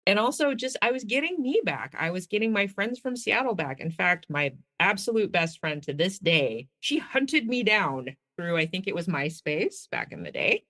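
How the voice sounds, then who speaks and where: A woman tells her own story in a lively, chatty way, her pitch swinging up and down as she acts out both sides of old conversations. Her voice is bright, and her delivery stays loose and casual. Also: normal speed, few pauses. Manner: animated, acts out quoted dialogue. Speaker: guest sharing her story.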